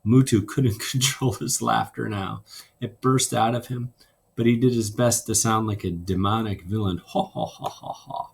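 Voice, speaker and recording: Man, teacher reading a novel aloud; low, husky, unhurried storytelling delivery. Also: fairly even intonation. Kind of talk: read-aloud narration with a classroom assignment.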